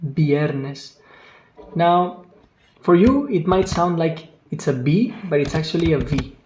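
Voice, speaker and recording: A language teacher giving an online lesson, speaking slowly and patiently, repeating each word several times and exaggerating the pronunciation on purpose. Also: mid-range voice, lively intonation, a little mellow, a little hiss or hum. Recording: roomy echo with faint keyboard clicks.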